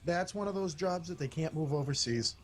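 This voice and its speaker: A man's voice: a little high, brisk, heavy background noise. A man chatting casually as co-host, sarcastic and rambling, laughing between lines. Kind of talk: casual chat.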